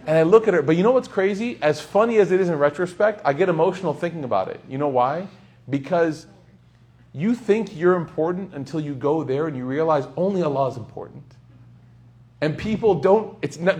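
A young man giving a casual, humorous sermon, telling stories with sudden loud bursts. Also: on the high side, animated, brisk. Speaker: Islamic speaker.

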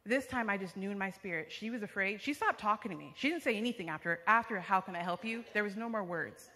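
A woman's voice: medium pitch, lively intonation, fast, bright, forceful tone. Young woman sharing a church testimony. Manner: vivid storyteller, frequent fillers like "like" and "um". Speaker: church member giving testimony. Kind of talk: personal testimony storytelling. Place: church sanctuary. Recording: long reverb of a large hall.

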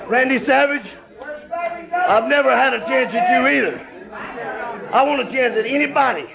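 Loud taunting wrestler on old TV tape. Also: male voice, extremely high pitch, normal speed, vocal fry, pauses often. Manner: boastful, taunting, repetitive threats. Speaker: pro wrestler cutting a promo. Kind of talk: archival wrestling interview promo. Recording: lo-fi old TV audio with crowd.

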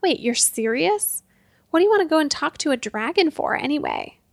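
A woman voicing a sharp-tongued, scornful young fairy woman on a picket line. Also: high voice, wildly swooping pitch, a little fast, gravelly, no room sound, clean studio sound, full character voice. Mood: sarcastic. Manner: sarcastic, scornful.

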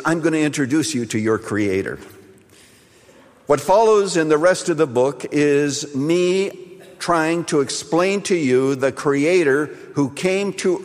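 Slow, deliberate male preacher in a hall. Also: mid-range voice. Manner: measured preaching with emphatic repeated phrases. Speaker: pastor. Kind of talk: sermon. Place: church sanctuary.

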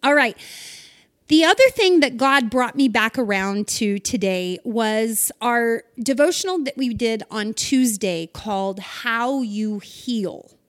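A middle-aged woman leads a spoken devotional, talking straight to her listeners. Her voice sits high and her pace is slow and deliberate. She sounds earnest and encouraging throughout. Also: expressive. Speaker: devotional host.

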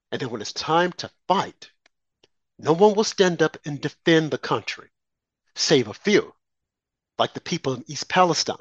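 Man, fired-up sarcastic pundit, very animated delivery, dull dry audio. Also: fairly high pitch, no room sound. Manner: indignant, sarcastic, rising to shouts. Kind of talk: heated political commentary.

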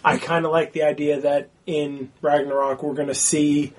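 A man's voice: a little high, flat delivery, normal speed, a little hiss or hum. A man co-hosting a casual movie discussion, blunt and swearing freely. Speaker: podcast co-host.

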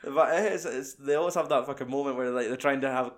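A man's voice: mid-range voice, fast. A young man chatting casually about a film, rambling and swearing as he retells scenes. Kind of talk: casual film review chat.

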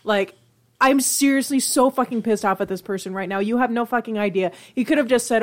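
Young woman, slightly high voice, heated and foul-mouthed podcast co-host. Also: brisk. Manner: profane, ranting, heated. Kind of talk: casual chat.

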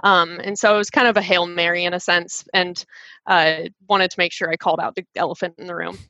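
Lively woman guest, talks quick, restarts a lot, flat dry audio. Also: on the low side, dry recording. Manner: animated, fast, many restarts. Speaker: sales rep guest. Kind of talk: casual interview chat. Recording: dull dry sound.

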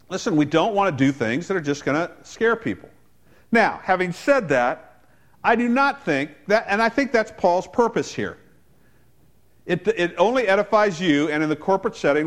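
Conversational male pastor, raised pitch. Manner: conversational, joking asides, frequent restarts. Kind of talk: sermon.

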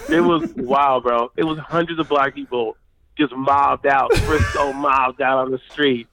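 A man's voice: mid-range voice, fairly even intonation, a little slow, a bit bright, faint music behind, rough recording. A man guesting as a comedian on a podcast, talking brashly and laughing through provocative jokes. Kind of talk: casual podcast chat.

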